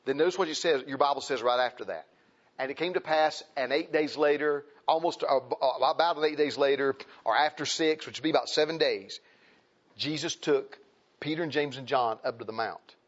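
A man's voice: medium pitch, normal speed, muffled recording. A man preaching a sermon, repeating phrases for emphasis and reading scripture aloud in King James wording.

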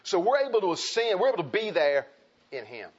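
A man preaching a sermon in a folksy way, dropping to hushed asides and rising to loud exclaims. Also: high-pitched, very animated, fast, slightly rough. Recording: dull lo-fi sound.

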